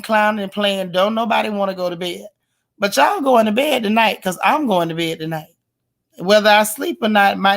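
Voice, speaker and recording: Hoarse woman hosting a chatty livestream. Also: mid-range voice. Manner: chatty, reads viewer comments aloud; affectionate, teasing. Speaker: livestream host. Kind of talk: casual live-stream chat.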